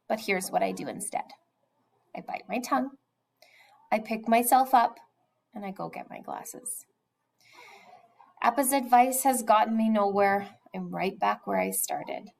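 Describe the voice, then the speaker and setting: Here a woman with a fairly high, gravelly voice reads from a children's novel, and the recording quality is poor. Her storytelling is expressive, sometimes falling to a whisper.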